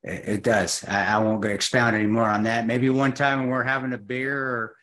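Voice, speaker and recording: A man's voice: medium pitch, flat delivery, a little fast, fairly bright tone. A middle-aged man co-hosting a podcast, casual and self-deprecating, chuckling as he talks.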